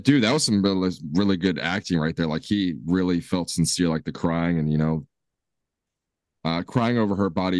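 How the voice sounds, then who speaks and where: Low-voiced laughing man recapping a movie. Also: darkish tone, no echo, studio quality. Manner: laid-back, laughs often while recapping. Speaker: podcast co-host. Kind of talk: casual movie recap chat.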